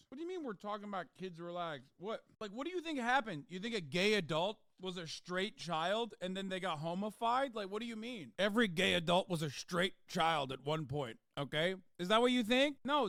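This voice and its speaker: A man's voice: high voice, fairly bright tone, no echo, clean studio sound. A man doing livestream commentary, ranting sarcastically with plenty of swearing.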